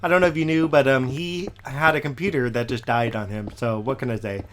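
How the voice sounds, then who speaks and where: A man, slightly hoarse and recovering from a cough, chatting casually through his gameplay in a rambling way with lots of "okay?" tag questions. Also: mid-range voice, steady tone, fairly quick, a bit bright, a little hiss or hum. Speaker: Minecraft let's player.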